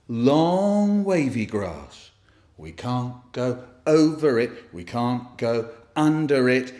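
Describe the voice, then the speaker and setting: Male storyteller, playful, slow and very expressive. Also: mid-range voice. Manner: animated, playful, full of sound effects and funny voices. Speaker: children's poet and storyteller. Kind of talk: expressive children's story reading.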